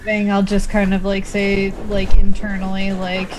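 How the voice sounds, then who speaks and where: Brief: chatty, rambling woman player, mid-pitched, casual. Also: completely flat delivery, a little slow, few pauses, noisy background. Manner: chatty, rambling, many fillers. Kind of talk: casual tabletop game play.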